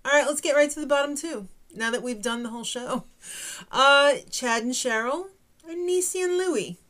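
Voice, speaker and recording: A woman's voice: high voice, moderate pace, a bit bright. A young adult woman hosting a recap show in casual chat, joking and snarky, often laughing.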